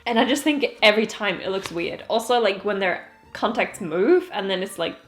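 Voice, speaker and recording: A woman's voice: medium pitch, animated, normal speed, a bit bright, soft background music. A woman in her twenties, chatty and giggly, talking casually through a collection with joking asides. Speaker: vlogger. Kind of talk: casual album walkthrough.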